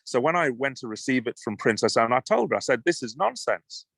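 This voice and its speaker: A man's voice: medium pitch, expressive, fast talker, gravelly, a bit bright, no room sound. A British man speaking as a guest, emphatic and passionate, often restarting his sentences. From United Kingdom. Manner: emphatic, passionate, repeats words when starting. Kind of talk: conversational interview.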